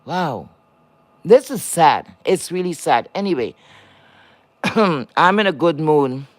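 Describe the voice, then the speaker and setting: A woman's voice: sits low, sing-song, slow pace. A woman moderating a livestream chat, lecturing and scolding viewers in a blunt, profane rant.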